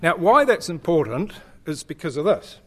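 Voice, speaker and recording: This visiting church speaker, a middle-aged man with a New Zealand accent, walks a congregation through a slide presentation in a chatty, joking way full of fillers and restarts. His voice is a little high and sing-song, at a moderate pace.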